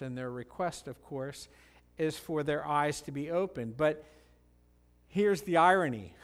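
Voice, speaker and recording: A man preaching a sermon, reading scripture and explaining it in an earnest teaching manner, rising louder when quoting the cries of the people in the story. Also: fairly high pitch. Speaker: pastor.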